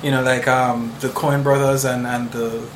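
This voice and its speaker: A man's voice: mid-range voice, level tone, background noise. A man co-hosting a casual podcast chat about movies, laughing often between remarks. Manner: laughs often, drawn-out jokey delivery. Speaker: podcast co-host.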